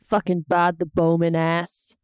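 A woman's voice: on the low side, completely flat delivery, a little slow, clear, resonant tone, dry recording, studio quality. A woman playing a tabletop game, sarcastic and swearing constantly. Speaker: player. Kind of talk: casual tabletop banter.

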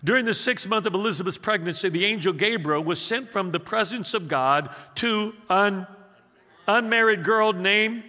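A man's voice: high voice, sharp tone, long reverb tail. A man in his sixties preaching a sermon, stumbling through restarts as he tells a story and growing emphatic as he preaches. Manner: halting restarts while telling a story, emphatic when preaching. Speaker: pastor.

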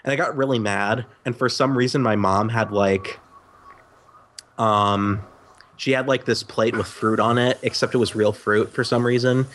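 A man's voice: medium pitch, fairly even intonation, normal speed, fairly bright tone, a little hiss or hum. A man in casual chat with friends, telling a rambling story and swearing casually.

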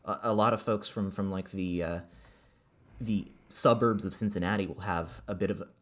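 A woman's voice: very deep voice, steady tone, moderate pace. A woman from Columbus co-hosting a podcast, explaining things thoughtfully in casual talk with small hesitations. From Columbus, Ohio. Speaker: podcast co-host. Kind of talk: casual chat.

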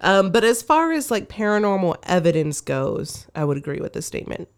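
A woman's voice: medium pitch, big pitch swings, fairly quick. A woman co-hosting a podcast, chatting casually, laughing often and talking in slang. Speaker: podcast co-host. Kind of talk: casual chat.

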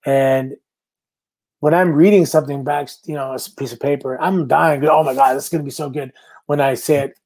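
A man's voice: mid-range voice, steady tone, brisk, a little mellow. A middle-aged man from Canada, a guest in a casual interview, telling stories and acting out the lines people said to him. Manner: storytelling, acting out quoted lines. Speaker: guest, pro wrestler.

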